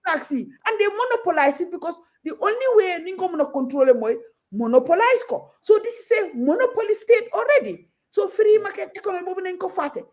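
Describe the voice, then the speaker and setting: Outspoken Gambian woman, high lively voice. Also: quick pace. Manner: outspoken, switches freely between Wolof and English. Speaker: guest. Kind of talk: passionate talk show discussion.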